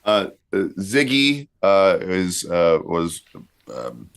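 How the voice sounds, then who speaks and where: A man co-hosting a podcast, halting and hesitant, reading out facts in casual comedy banter. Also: sits low, very animated, vocal fry, clean tone. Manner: hesitant, many uh fillers. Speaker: podcast co-host.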